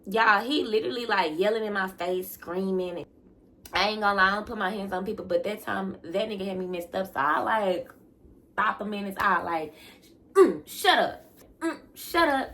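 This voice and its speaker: Animated young woman telling a storytime. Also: a little fast. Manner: animated, laughing, acts out quotes with big pitch jumps. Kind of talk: casual storytime vlog.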